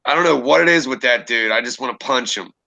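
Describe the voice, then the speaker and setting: A young man, a streamer who narrates creepypasta, talks quickly during a casual livestream at home, rambling, cursing, and laughing at his own jokes. His mid-range voice carries vocal fry and a sharp tone. The recording is low quality.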